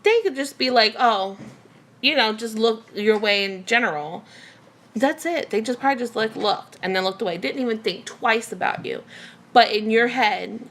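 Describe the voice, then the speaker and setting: A woman's voice: a little high, moderate pace, fairly bright tone. A woman vlogger in a candid personal rant to camera, venting emotionally with many fillers and restarts.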